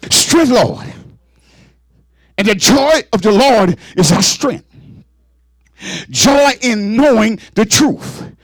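A man preaching a fervent sermon in call-and-response style, building up to shouts. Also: high-pitched, animated, takes it slowly, no room sound.

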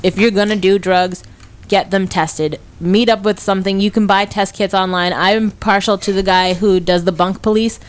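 A woman's voice: mid-range voice, normal speed. A young woman in casual group chat, telling stories with lots of energy. She slips into quoted voices as she goes. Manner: animated storytelling, acts out quoted voices.

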